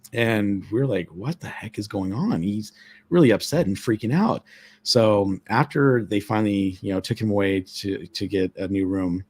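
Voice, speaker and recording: Chatty low-voiced man telling a ghost story. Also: darkish tone. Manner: chatty, many fillers, acts out quoted voices. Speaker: guest storyteller, former ship employee. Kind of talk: casual storytelling on a live stream.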